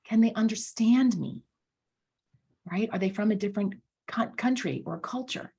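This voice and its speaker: Here a female voice coach is interviewed casually on a podcast, sounding gravelly and husky at a medium pitch and normal speed. Animated throughout, she checks in with "right?" and leans on repeated words for emphasis.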